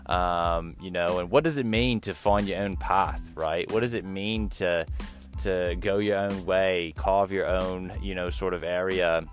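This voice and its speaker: A man's voice: low voice, a bit bright. A man doing a playful put-on accent that mixes British, Australian and Irish sounds while hosting his podcast intro. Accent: put-on mix of British, Australian and Irish. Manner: playful, loose, running with it. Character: the host himself in a jokey mixed accent. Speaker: podcast host.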